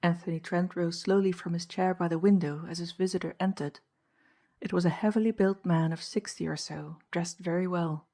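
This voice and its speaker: Woman audiobook narrator, lower voice, steady and measured delivery. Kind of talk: scripted narration.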